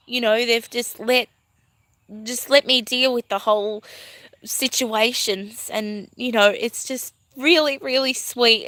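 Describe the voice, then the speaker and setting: A woman's voice: fairly high pitch, sharp tone, no echo. A woman in her thirties vlogging at home, talking to her viewers in a rambling, emotional, heartfelt way. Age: 30s. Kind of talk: casual talk to camera.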